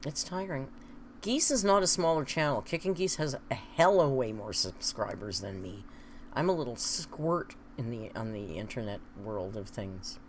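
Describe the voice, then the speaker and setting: A woman's voice: extremely low pitch, animated, normal speed, slight background noise. A woman chatting casually on a live stream, reading viewer comments aloud and laughing often.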